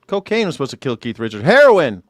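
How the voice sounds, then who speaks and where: A man's voice: mid-range voice, normal speed, dry recording, studio quality. A man hosting a live news reaction show, talking loosely and profanely in rambling rebuttals. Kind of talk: casual reaction commentary.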